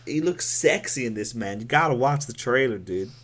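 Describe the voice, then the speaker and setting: A man's voice: mid-range voice, expressive, normal speed, fairly bright tone. A young man with an American accent co-hosting a satirical comedy podcast, laid-back, trailing off and calling his friend man and dude. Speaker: podcast co-host. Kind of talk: satirical comedy chat as a film bro.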